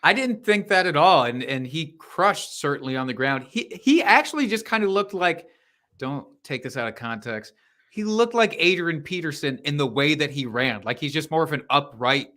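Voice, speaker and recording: Bright-voiced laid-back podcast co-host man. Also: on the high side, lively intonation, moderate pace. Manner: laid-back, swears and laughs often. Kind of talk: casual podcast banter.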